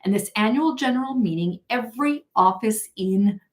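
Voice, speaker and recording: Hosting a tarot live stream, this woman has a medium-pitched, expressive voice and talks at a normal speed. She tells a story in a loose, chatty way, laughing often as she reads viewer comments, with plenty of fillers and restarts.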